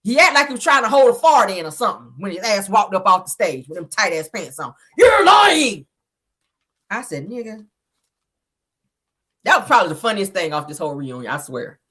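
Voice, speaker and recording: A sassy woman dishing gossip in a lively, bright voice. She laughs a lot, acts out what people said, and her pitch leaps around as she talks. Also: fast talker, hardly any pauses. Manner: thanks viewers for stickers mid-talk. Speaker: reality TV recap host. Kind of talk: casual gossip commentary.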